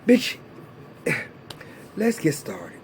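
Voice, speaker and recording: A man with a fairly high voice rants through a TV episode review, swearing freely and sounding exasperated. His pitch swings widely as he gets worked up. A faint hiss of noise sits under the recording. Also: drawn-out words. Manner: animated, profane, exasperated ranting. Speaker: TV show reviewer. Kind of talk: casual vlog review.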